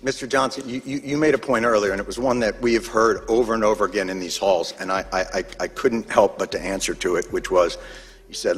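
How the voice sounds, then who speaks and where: A man giving an angry, impassioned speech at a hearing, emphatic and speaking in measured bursts. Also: on the low side, fairly even intonation, slightly rough, big-room sound. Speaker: advocate testifying at a congressional hearing.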